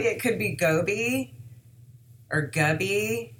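A woman's voice: on the low side, expressive, moderate pace, pushed and bright. A woman hosting a podcast, chatting casually and animatedly, with plenty of swearing and acted-out quotes. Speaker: podcast host. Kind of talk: casual true-crime chat.

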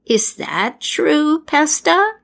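A woman's voice: high voice, sing-song, very slow, gravelly, fairly bright tone, pitched above the performer's own voice, full character voice. A woman voicing a shrewd old crone who pleads and coaxes in a raised, lilting voice. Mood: coaxing. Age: older. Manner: pleading, coaxing.

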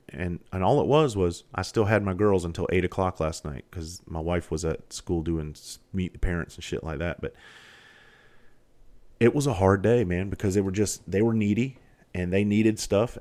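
A middle-aged man with a very low voice, sitting back and talking straight to his listeners. He rambles through a candid story from home, restarting sentences and swearing freely as he goes. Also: darkish tone. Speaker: podcast host. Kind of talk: candid monologue.

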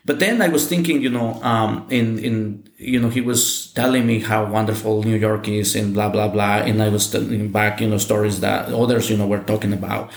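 A man from Mexico, telling his life story in casual English and often pausing with "you know" and restarts. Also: lowish voice, fairly even intonation. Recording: roomy echo.

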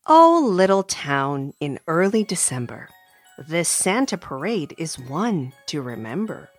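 A woman hosting a children's storytime show, reading a rhyming picture book aloud with lots of expression. Her fairly low voice rises and dips widely, and she takes her time, drawing out each line. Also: no echo, clean studio sound. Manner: animated, expressive, warm-hearted. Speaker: children's story podcast host.

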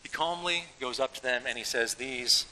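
A man preaching a sermon as a pastor, in a casual, animated way with everyday slang, a father of young children. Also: mid-range voice, moderate pace, big-room sound, a little hiss or hum, low-quality recording. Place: church.

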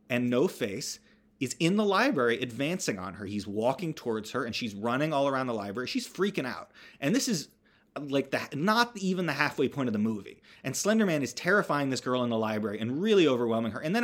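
Man, casual comedic movie recap, rambling, wry asides, mid-pitched voice.

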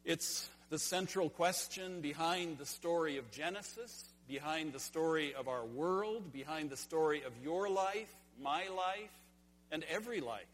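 A man delivers an earnest sermon, posing question after question and circling back on his key phrases. His voice sits a little high and carries a husky edge. A long reverb trails each line through the church sanctuary. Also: a little slow. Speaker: pastor.

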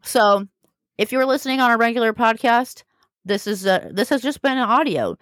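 A woman's voice: on the high side, lively intonation, normal speed, fairly bright tone, dry recording, clean studio sound. A woman co-hosting a podcast in chatty, self-deprecating banter, also reading the show's outro. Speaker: podcast co-host and producer. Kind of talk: casual chat.

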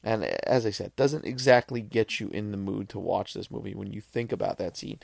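A man's voice: lowish voice, moderate pace, creaky, a little mellow, no echo, studio quality. A man hosting a podcast, reviewing a film in a loose, rambling monologue full of swearing and restarts. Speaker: podcast host.

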